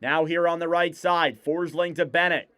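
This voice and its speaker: A man calling live hockey play-by-play on a fan stream, in rapid clipped play calls that rise on shots. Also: on the high side, fairly even intonation, fairly bright tone, smooth. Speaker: play-by-play commentator.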